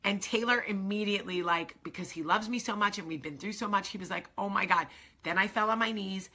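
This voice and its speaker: A middle-aged woman hosting her own vlog, telling a story in an excited, rambling way with many asides. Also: medium pitch, a little fast. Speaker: vlog host. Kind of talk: casual chat to camera.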